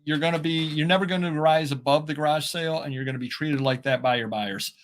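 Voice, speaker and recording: Rambling man with slurred speech. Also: a little high. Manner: rambling, halting, many fillers. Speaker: co-host of a reselling show. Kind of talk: casual live-stream chat.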